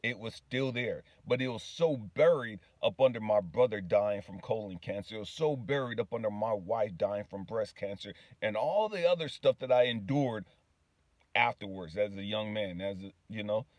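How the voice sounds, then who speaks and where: A man's voice: lowish voice, moderate pace, a little mellow, no room sound. A man telling a personal story in a casual spiritual vlog, often checking in with the listener and laughing easily. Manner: casual, often asks "you know what I mean", laughs easily. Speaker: spiritual healing vlogger.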